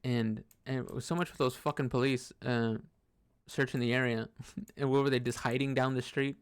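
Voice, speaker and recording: This man's voice is medium in pitch and clean in tone, with fairly even intonation and a moderate pace. He's gaming as he tells a loose, profane personal story, often restarting sentences and leaning on fillers.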